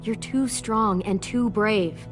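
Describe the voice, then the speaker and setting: A young woman voicing a protective teenage girl in a video game, gentle but firm and reassuring, over game music. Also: medium pitch, fairly even intonation, takes it slowly, close to an everyday voice. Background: game score music.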